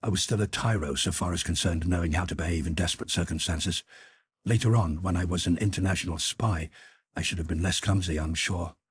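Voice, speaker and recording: A man narrating a classic novel as an audiobook, reading in a measured, even way. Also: low voice, breathy edge.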